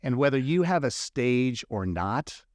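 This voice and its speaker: A man hosting a podcast, telling a story in a lively, animated way with quick asides. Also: mid-range voice, no room sound, studio quality. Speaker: podcast host. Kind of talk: casual storytelling chat.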